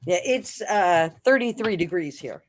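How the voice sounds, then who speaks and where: A woman's voice: lowish voice, animated, unhurried. A woman co-hosting a live tarot stream, joking and irreverent in casual chat. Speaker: tarot reader co-host.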